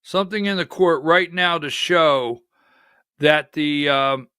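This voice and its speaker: A political talk show host runs a live commentary show, agitated and exasperated, calling out instructions to his producer between remarks. His voice is a little high, slow, bright and forceful, with a clean, echo-free studio sound.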